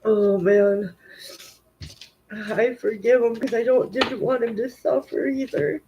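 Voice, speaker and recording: A woman tarot reader on a live stream speaks slowly in a slightly high, steady voice over background noise. Tearful and grieving, she talks directly to her viewers with deep emotion.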